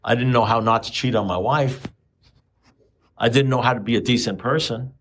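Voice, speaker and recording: A man's voice: mid-range voice, fairly even intonation, normal speed, fairly bright tone, a little hiss or hum. A man in his seventies giving a blunt, profane talk at a recovery meeting, firing off repeated rhetorical questions. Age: 70s. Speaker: AA speaker.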